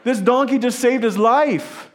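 Speaking at a measured pace in a very high-pitched voice, this male pastor delivers a sermon. He recounts a scripture story casually and with animation, breaking off for asides to the listeners.

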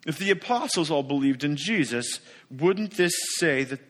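Emphatic preacher man, slightly high voice. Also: expressive, normal speed, a bit bright. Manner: emphatic, full of rhetorical questions. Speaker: pastor. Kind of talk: sermon.

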